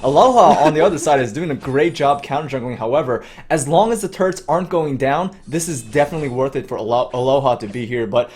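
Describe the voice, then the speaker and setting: A man's voice: mid-range voice, fast, few pauses, a little mellow, slightly rough. A man co-casting a live esports match, explaining the plays in an analytical way. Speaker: esports co-caster.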